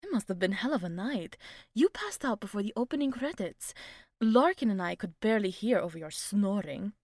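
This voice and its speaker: Woman reading a chipper, bossy friend, bouncing and teasing; lively pitch, dry close sound. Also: normal speed, no room sound. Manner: teasing and upbeat.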